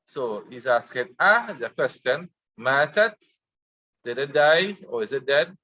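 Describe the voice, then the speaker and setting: A man's voice: mid-range voice, lively intonation, unhurried, sharp tone, muffled recording. A man teaching an Arabic lesson, patiently translating and explaining a dialogue word by word.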